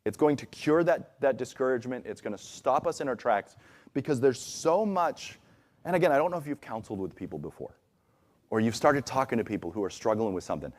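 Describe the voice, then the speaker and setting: A man's voice: mid-range voice, expressive, a little fast. A man preaching a conversational sermon in a church, acting out the voices he quotes. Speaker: pastor. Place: church sanctuary.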